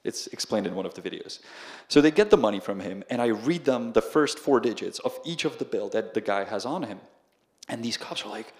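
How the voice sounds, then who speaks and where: A young man with a Czech accent chats as an interview guest. His voice sits at an ordinary pitch and he speaks with animation, often laughing and acting out other people's voices as he tells a story. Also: animated, brisk, darkish tone. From Czech Republic. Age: young adult. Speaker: guest, video creator. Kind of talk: casual storytelling conversation.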